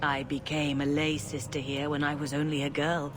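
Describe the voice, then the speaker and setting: A woman voicing a serene older female church leader in a video game, with a calm, measured, sermonizing delivery. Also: low-pitched, background noise, close to an everyday voice. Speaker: grand cleric.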